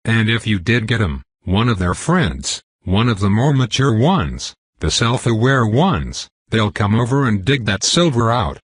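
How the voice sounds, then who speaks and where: A weathered wolf hunter, voiced by a man in a storybook, warning calmly and matter-of-factly. The voice is low and husky, with a dry close sound. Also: unhurried, hardly any pauses, no room sound, exaggerated voice. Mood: grim.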